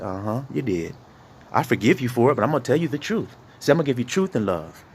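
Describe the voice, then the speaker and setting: Animated, profane street preacher. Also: male voice, mid-range voice, fast talker, slight background noise. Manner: animated, profane, acts out quoted arguments. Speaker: online preacher. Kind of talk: casual street sermon.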